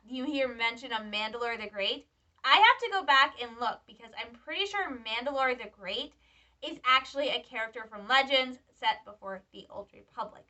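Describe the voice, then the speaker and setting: A young woman from Michigan, a student, chatting excitedly to camera in a casual reaction vlog. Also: high voice. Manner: excitable, chatty fan talk. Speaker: vlogger, student. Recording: slightly distant, dull lo-fi sound.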